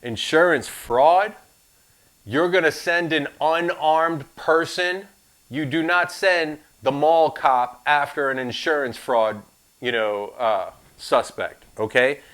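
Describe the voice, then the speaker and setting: A man's voice: a little high, takes it slowly, fairly bright tone. A man teaching an insurance licensing class live, casual and joking, with asides to his students.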